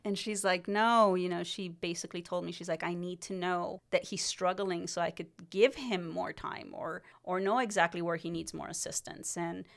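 A woman co-hosting a podcast, a mother telling a story in a lively way, acting out quoted lines and laughing as she goes. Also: lowish voice, normal speed, gravelly, few pauses. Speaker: podcast co-host; home-schooling mother. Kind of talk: casual chat.

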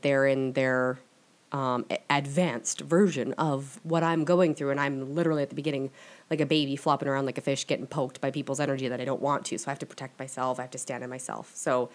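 A young woman hosting a casual solo podcast, talking candidly and rambling, swearing freely. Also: deep voice. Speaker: podcast host. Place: at home at her computer and mic.

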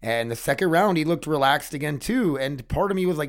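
A man chatting casually to his viewers in a rambling, excitable way, swearing freely. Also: a little high, brisk. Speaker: vlogger. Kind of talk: casual chat to camera.

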